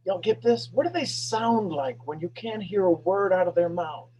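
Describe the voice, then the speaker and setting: A man hosting a live motivational talk, energetic and preachy, repeating questions and swinging between loud bursts and hushed lines. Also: high voice, moderate pace, breathy edge, low-quality recording. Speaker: host of a motivational talk show.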